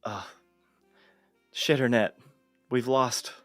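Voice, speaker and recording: Man, stream host, mid-pitched, halting questions, dry sound, faint music under. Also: fairly even intonation, a bit bright, dry recording. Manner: halting, lots of uh fillers. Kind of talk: casual livestream interview.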